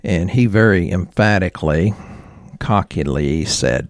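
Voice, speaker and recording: A chiropractor, a man, telling a personal story in a halting way, with frequent ums and throat clearing. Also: low voice, expressive, no echo.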